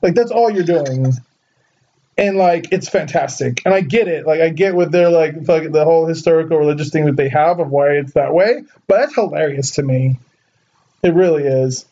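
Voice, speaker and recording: A young man from Southern California telling a story in casual chat, animated, laughing often and saying "like" a lot. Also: a little high, moderate pace, muffled recording.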